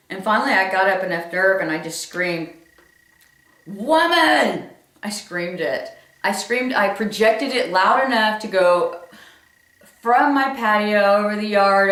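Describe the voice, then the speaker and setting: A woman's voice: medium pitch, fairly bright tone. A woman doing a stand-up storytelling monologue, emphatic, repeating phrases for effect. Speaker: comedian. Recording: roomy echo from a distant mic.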